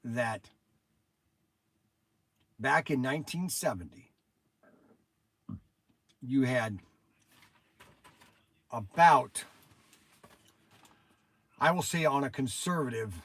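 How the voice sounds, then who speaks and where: A man's voice: medium pitch, drawn-out words, long pauses, a bit bright, no room sound. An older man hosting a casual livestream, rambling and chatty as he answers viewers by name. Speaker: toy shop host answering viewers.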